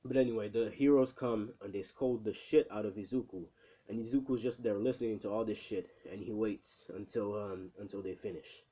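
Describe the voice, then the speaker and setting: A man's voice: on the low side, a little fast, warm tone, breathy edge. A young man casually retelling a fan what-if story in a rambling, profane way, with lots of fillers. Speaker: channel host.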